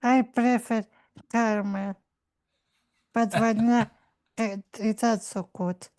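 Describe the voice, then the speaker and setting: A woman, an English speaker, playing a character in a tabletop game with halting, simple phrasing. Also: fairly high pitch, steady tone, a little mellow. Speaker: player.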